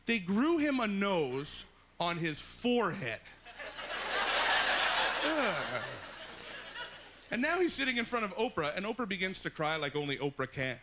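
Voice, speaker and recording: A man doing an animated stand-up comedy set on a club stage, with exaggerated, punchy delivery. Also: high-pitched, unhurried, pauses often, noisy background. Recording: live set with loud audience laughter.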